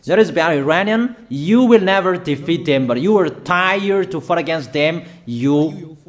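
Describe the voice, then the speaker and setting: A man preaching a prophetic sermon, making emphatic, repetitive declarations and often pausing with fillers. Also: on the high side, expressive.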